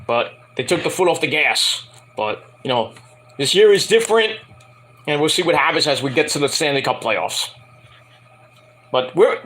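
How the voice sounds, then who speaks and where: A man talks through a wrestling review in a loose, rambling way, full of fillers and hesitations. His voice is fairly high and bright. It swings up and down a lot, and he often breaks into profane rants.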